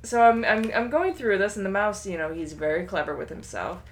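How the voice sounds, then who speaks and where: A woman co-hosts a podcast in easy, casual chat. She retells stories with animated enthusiasm and laughs readily. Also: mid-range voice, fairly quick. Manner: animated storyteller, often laughing. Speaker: podcast co-host.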